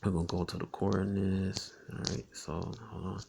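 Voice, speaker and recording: A man with a low, gravelly voice gives a loose, chatty Bible teaching. He keeps saying "man" and "all right" as he goes, and slows down to read the verses. His talk is broken up by frequent chuckles. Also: little pitch movement, darkish tone, a little hiss or hum. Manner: conversational, tags lines with "man" and "all right"; reads scripture slowly and deliberately. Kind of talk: informal scripture teaching.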